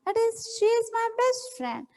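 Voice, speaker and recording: Little girl, pleading and high, put on by a woman storyteller, reverberant hall. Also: big pitch swings, measured pace, a little mellow, exaggerated voice. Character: little girl fond of her doll.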